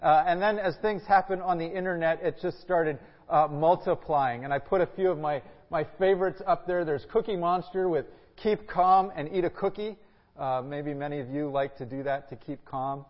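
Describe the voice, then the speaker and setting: A man with a fairly high voice preaches with earnest, measured delivery, reading scripture before moving into his sermon. His words ring through a large echoey church hall. The recording is dull and lo-fi. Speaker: pastor.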